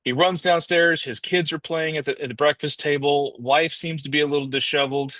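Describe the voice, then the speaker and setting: A man's voice: on the high side, steady tone, fairly quick, a bit bright, no room sound. Casual motivational male talker, dry sound. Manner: casual and rambling, restarts often, addresses listeners as guys. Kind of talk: motivational storytelling talk.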